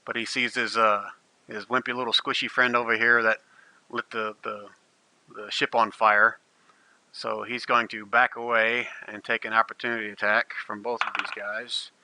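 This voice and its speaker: A man in the game master's seat, narrating a tabletop battle with vivid, gleeful relish. His voice is very bright and forward. It sounds close and dry, with no room around it. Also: lowish voice, flat delivery, moderate pace, dry recording, low-quality recording.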